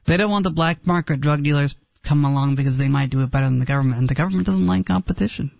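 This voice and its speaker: A gravelly-voiced man riffing quickly on the radio. The sound is dry and a bit muffled. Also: on the high side, a little mellow, no room sound.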